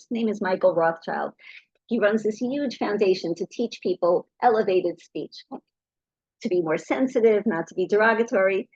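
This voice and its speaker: A middle-aged woman with a fairly low, breathy-edged voice entertains an audience with lively anecdotes, performing the quoted voices of her characters. It's a dry recording with the highs cut off.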